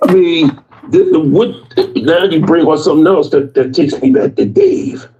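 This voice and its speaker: A man telling a story slowly in a casual chat. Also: on the high side, big pitch swings, warm tone. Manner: slow, drawn-out storytelling with laughs. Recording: dull lo-fi sound.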